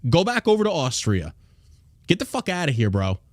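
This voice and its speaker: Profane, heated podcast host. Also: male voice, on the high side, huge pitch swings, a little fast, no room sound. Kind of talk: ranting political podcast commentary.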